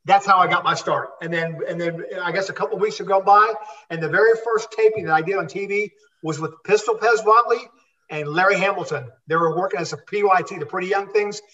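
A man's voice: high voice, fairly quick, bright, forceful tone, reverberant. An older man, a former wrestler, telling rambling stories as an interview guest, with lots of restarts. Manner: rambling anecdotes with many restarts. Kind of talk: storytelling in a live interview. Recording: distant dull lo-fi sound.

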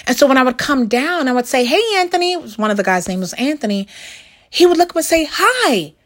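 Lively, chatty woman giving a devotional talk. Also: high-pitched, quick pace. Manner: animated and conversational, with many fillers and acted-out quotes. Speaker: Christian devotional speaker. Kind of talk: casual spoken devotional talk.

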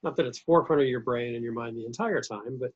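A man with a husky, breathy voice hosts an interview. He asks searching questions, thinks aloud and restarts his sentences. The recording sounds dull and lo-fi. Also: medium pitch, fast talker. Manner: warm-hearted probing, thinks aloud, restarts. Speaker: podcast host, interviewer. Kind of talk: interview conversation.

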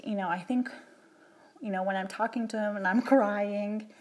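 A woman talking candidly to camera in a personal vlog, reflecting in a rambling, emotional way with many restarts. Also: medium pitch. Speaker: vlogger.

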